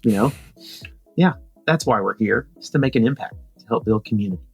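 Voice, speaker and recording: A man's voice: fairly low pitch, brisk, creaky, husky, faint music behind. A man in his forties, a guest on a podcast, telling a story casually and acting out the dialogue by lifting his voice. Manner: animated, acts out dialogue in a raised voice. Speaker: podcast guest, retired pro cyclist.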